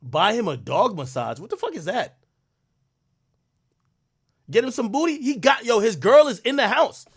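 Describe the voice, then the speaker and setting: A man's voice: very high voice, very animated, normal speed, long pauses, husky. A young man hosting a podcast, rambling through loose, slang-heavy stories in casual chat. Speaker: podcast host.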